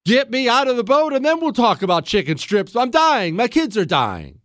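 A man's voice: high-pitched, wildly swooping pitch, moderate pace, a bit bright, dry recording, studio quality, voice pushed up, exaggerated voice. A man voicing a desperate mother who pleads urgently to be rescued. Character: desperate mother in a sinking boat.

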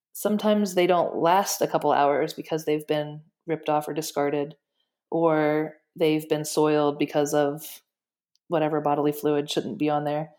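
A woman guest in casual interview chat, telling stories in an animated, excited way. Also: low voice. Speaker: guest, shelter director.

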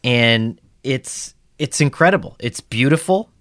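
A man's voice: medium pitch, expressive, measured pace, a bit bright, no echo, clean studio sound. A man co-hosting a football podcast, telling stories in a wry, amused way in casual chat. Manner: wry, amused storytelling with chuckles. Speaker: podcast co-host.

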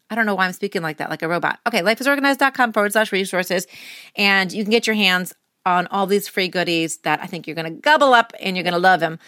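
Woman, podcast host, encouraging and chatty, bright voice, dry close-mic sound. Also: fairly high pitch, no echo. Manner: upbeat, encouraging, chatty with fillers. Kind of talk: solo podcast outro, motivational.

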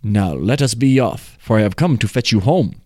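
A man's voice: lowish voice, expressive, moderate pace, darkish tone, dry recording, studio quality. A man reading as determined hero Ngunza. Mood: resolute. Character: Ngunza, determined young man seeking his brother.

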